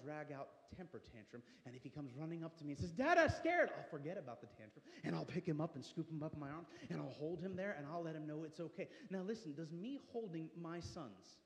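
A man in his thirties delivers a passionate sermon with a fairly high voice. He swings between hushed, close passages and loud, driving ones. The sound rings through a large church hall with a long reverb tail. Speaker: pastor. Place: church sanctuary.

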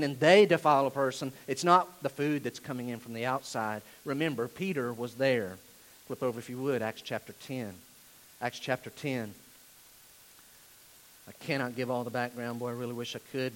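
Animated high-voiced male preacher. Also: poor audio. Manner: animated, acts out dialogue, swings from loud to quiet. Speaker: pastor. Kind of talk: expository sermon.

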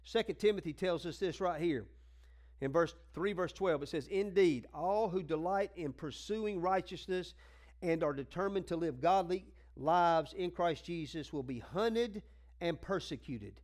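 A man with a high voice preaches to his congregation in a folksy, conversational way. He acts out the people in his stories and climbs into fervent, rousing exhortation. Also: unhurried, a little mellow. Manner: acts out quoted voices in dialogue. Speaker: pastor. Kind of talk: sermon.

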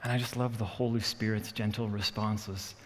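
In a church hall with long reverb, a pastor preaches and tells a personal story, animated and laughing at himself as he acts out what people said. His voice is fairly low and his pace moderate.

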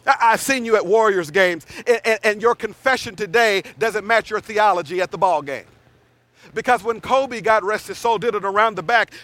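A male guest pastor preaching an animated sermon with repeated phrases and stammered restarts. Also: sits high, no echo.

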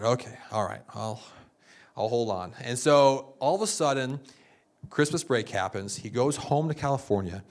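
A middle-aged male pastor giving a sermon in an animated, storytelling manner. He acts out other people's words as he goes, his voice lifting into excited bursts and then settling back into plain talk. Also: medium pitch.

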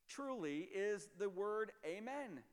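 High-voiced preacher in an echoing hall. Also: male voice, lively intonation, slow. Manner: emphatic, explanatory preaching with sudden drops to a low voice. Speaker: pastor. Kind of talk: sermon.

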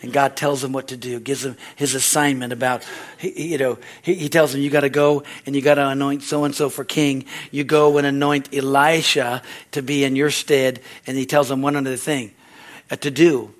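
A pastor delivers a conversational sermon, often asking the congregation "Amen?" and acting out quoted voices, getting loud at the climaxes and dropping soft again. His voice is mid-range and level, at a moderate pace.

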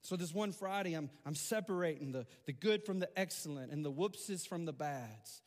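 A man pastor telling a personal story in a sermon, conversational and animated, with frequent repetitions. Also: on the high side, moderate pace. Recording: long hall reverb.

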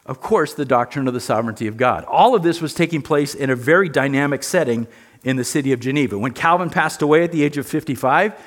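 A man's voice: mid-range voice, animated, fast talker. A man teaching a church history lesson in an earnest, emphatic way, often repeating words.

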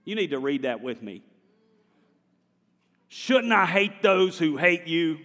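A man preaching a sermon to his congregation in a church, animated and conversational, drawing the congregation in. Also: fairly high pitch, takes it slowly, long pauses, in a large hall. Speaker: pastor. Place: large church sanctuary.

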